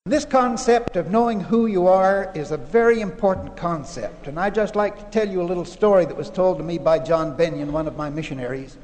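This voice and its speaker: High-voiced man telling a story in a hall. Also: fairly quick, hardly any pauses. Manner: folksy, animated storyteller voicing characters. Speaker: church leader telling a fable. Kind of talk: storytelling talk. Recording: long hall reverb.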